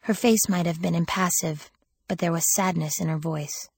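A woman reads a first-person novel aloud with wry, lively storytelling. Her voice sits low and slightly husky, and the recording is close and dry with no room sound. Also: moderate pace, no echo. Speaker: audiobook narrator. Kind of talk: first-person audiobook narration.

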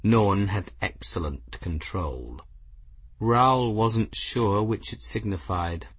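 Slow, deep man narrating an audiobook. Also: expressive, breathy edge, no echo.

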